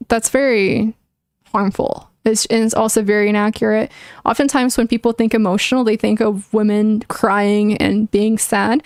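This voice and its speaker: A woman's voice: mid-range voice, darkish tone, clear, resonant tone, no room sound, clean studio sound. A young woman streaming, chatting casually with viewers and thinking aloud in an earnest, opinionated way, with many likes and restarts. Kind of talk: casual livestream chat answering viewers.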